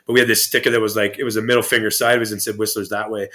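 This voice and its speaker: A man's voice: fairly low pitch, little pitch movement, rapid-fire, background noise. A man guest on a podcast interview, telling stories in a rambling, profane way with many restarts. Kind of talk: casual storytelling interview.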